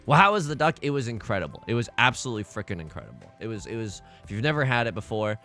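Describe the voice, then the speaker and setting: Excitable young man telling a story. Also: on the low side, soft background music. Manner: animated, excitable, quick to laugh and exclaim. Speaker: gaming video creator. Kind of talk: casual storytelling while playing a game.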